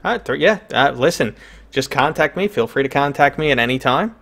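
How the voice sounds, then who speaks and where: A live-stream host with a New York accent chats casually and jokes, using many fillers along the way. He sounds animated and brisk, with a medium pitch and a fairly bright tone.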